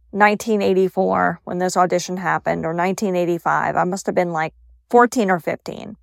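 A woman's voice: mid-range voice, vocal fry, dry recording, clean studio sound. A woman in her fifties from Staten Island, hosting a podcast and telling a personal story in a candid, conversational way with wry asides. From Staten Island, New York. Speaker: podcast host.

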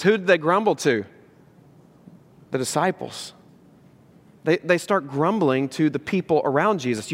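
Animated pastor preaching in a reverberant church. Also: male voice. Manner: animated, rhetorical questions, swings from excited to low and earnest. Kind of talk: sermon. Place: church sanctuary. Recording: long hall reverb in a church.

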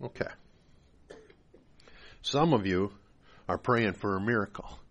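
A man preaching a sermon as pastor, moving from quiet, conversational storytelling to loud, impassioned preaching with repeated phrases. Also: on the low side, takes it slowly.

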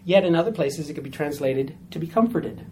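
With a warm, medium-pitched voice and a fairly quick pace, a Bible study teacher walks a small group through a passage step by step. He repeats key points and keeps checking in with "all right?" There's slight background noise.

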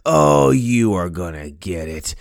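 A man's voice: sits low, sing-song, slow, gravelly, dry recording, studio quality, full character voice. A man voicing a company boss who berates his subordinate in a raised voice. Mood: berating. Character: blustering company boss, middle-aged man.

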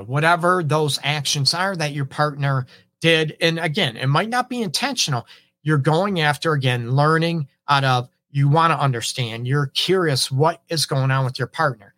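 A man's voice: on the high side, moderate pace, sharp tone. A middle-aged man, a relationship counselor hosting an advice talk, speaking conversationally and often checking in with "right?" while acting out example phrases. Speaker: relationship counselor and show host. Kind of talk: casual advice monologue.

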